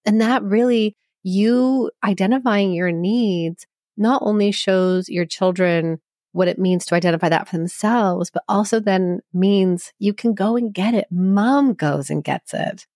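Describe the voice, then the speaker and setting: A woman's voice: mid-range voice, measured pace, a little mellow, dry recording, clean studio sound. A woman psychologist guest on a podcast, explaining in an earnest, reassuring way with everyday examples. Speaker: psychologist and couples therapist guest. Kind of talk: conversational podcast interview.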